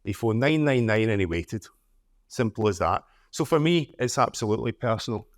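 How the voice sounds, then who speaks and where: A man's voice: on the low side, animated, normal speed, no room sound, studio quality. A middle-aged man with a Scottish accent giving a conference talk. He tells stories in a chatty, humorous way and often tags his lines with "okay?". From Scotland. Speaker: conference speaker.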